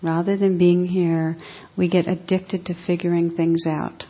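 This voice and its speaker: A woman meditation teacher giving a dharma talk in a calm, reflective, unhurried way. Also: lowish voice, husky. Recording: dull lo-fi talk recording.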